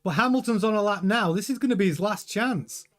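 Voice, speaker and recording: A man hosting a live race watchalong, chatting excitably over the timings with frequent stumbling restarts. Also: high voice, brisk. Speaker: host.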